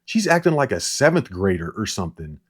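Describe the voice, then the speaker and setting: A man's voice: lowish voice, big pitch swings, brisk, slightly rough. A man giving casual political commentary, rambling and sarcastic, repeating words and laughing at his own jokes. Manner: sarcastic, mocking impressions. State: short on sleep.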